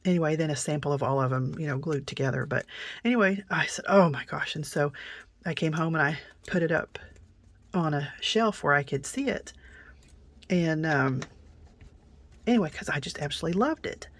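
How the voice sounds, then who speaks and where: A middle-aged woman hosting a craft tutorial, telling rambling stories while she works, often dropping to a soft near-whisper. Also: sits low, vocal fry. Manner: chatty, rambling, many fillers and restarts. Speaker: craft channel host.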